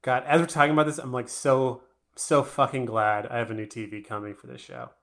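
A man's voice: medium pitch, level tone, fairly quick, creaky, a bit bright. A man co-hosting a casual podcast chat, blunt, profane and opinionated. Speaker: podcast co-host.

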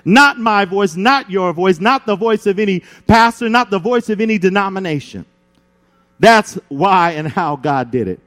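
A man preaching a sermon as pastor, building emphasis with dramatic pauses. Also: high voice, animated, a bit bright, faint music behind.

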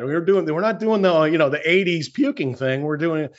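A middle-aged man, a longtime radio host, chats casually in a slightly high, animated voice. He tells stories haltingly, often repeating words, and the recording has a dull lo-fi sound.

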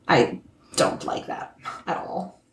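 A woman co-hosting a podcast in casual chat, thoughtful and given to hesitant restarts. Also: slow pace. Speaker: podcast co-host. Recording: roomy echo.

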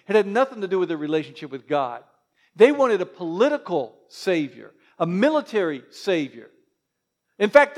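A man preaching a sermon as pastor, lively, with joking asides to the congregation. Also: very high voice.

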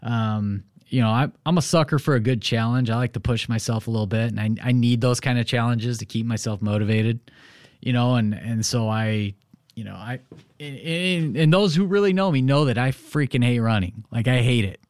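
A man's voice: mid-range voice, normal speed, no room sound, studio quality. A man hosting a real estate podcast, talking in a casual solo monologue and telling stories with lots of "you know" fillers. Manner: animated storytelling, many "you know" fillers.

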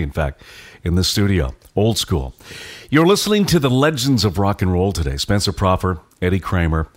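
A man hosting a radio show from a studio, talking in a casual, chatty way. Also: sits low. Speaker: radio host.

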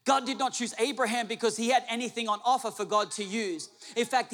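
A man's voice: extremely high pitch, a bit bright, big-room sound. A male pastor preaching a sermon to a congregation, emphatic, repeating his phrases and asking the room questions. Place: church hall with an audience.

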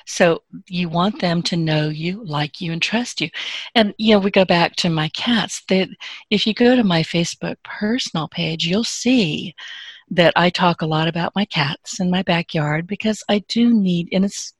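Husky woman giving frank advice. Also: fairly low pitch, moderate pace, no echo. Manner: emphatic, joking, frank. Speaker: podcast guest, business owner. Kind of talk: casual interview advice.

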